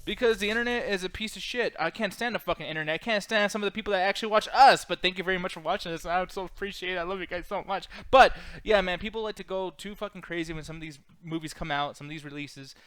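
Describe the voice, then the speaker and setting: A man's voice: high voice, fast, few pauses, a bit bright. A man hosting a casual livestream chat, rambling and swearing a lot, laughing as he talks. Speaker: podcast host.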